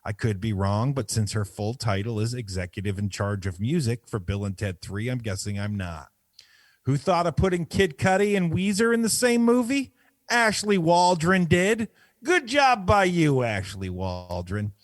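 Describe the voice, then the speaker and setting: A podcast co-host on a close mic, echo-free, with a medium-pitched, expressive male voice at a moderate pace. He chats casually about movies and reads a prepared bit in a mock-formal tone.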